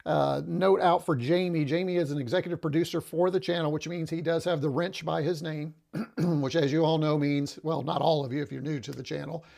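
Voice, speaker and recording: A man's voice: a little high, fairly even intonation, a little fast, gravelly, darkish tone. A man hosting a casual livestream on a lapel mic, rambling and chatty, slightly out of breath. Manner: chatty, rambling, with frequent "uh" and restarts. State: a little out of breath. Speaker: livestream host.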